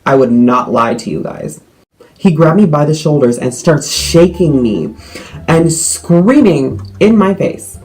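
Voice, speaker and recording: A man's voice: a little high, measured pace, faint music behind, rough recording. Rambling teen guy telling a story. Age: teens. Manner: rambling with many likes, animated retelling. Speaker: vlogger. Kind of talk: storytelling to camera.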